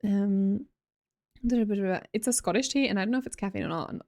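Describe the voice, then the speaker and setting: A woman's voice: medium pitch, normal speed, mellow. An Australian woman live streamer chatting casually with viewers, scattered and self-mocking, laughing often. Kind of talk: casual chat reading viewer messages.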